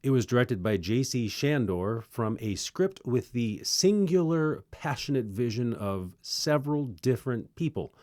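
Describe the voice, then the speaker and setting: Young male reviewer, sarcastic and lively, dry close-miked delivery. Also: medium pitch, no echo. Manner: sarcastic, animated, quick asides. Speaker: movie reviewer host. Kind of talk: casual sarcastic movie review.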